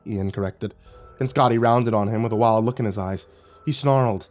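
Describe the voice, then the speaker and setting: A man's voice: fairly low pitch, normal speed, soft background music. A man narrating a horror story in a dramatic, scripted style. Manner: dramatic, lively delivery.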